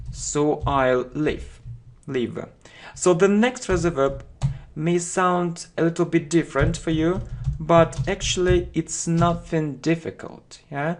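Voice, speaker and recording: A man teaching English vocabulary, who says each phrase and then repeats it slowly and deliberately. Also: on the high side. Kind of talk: vocabulary lesson.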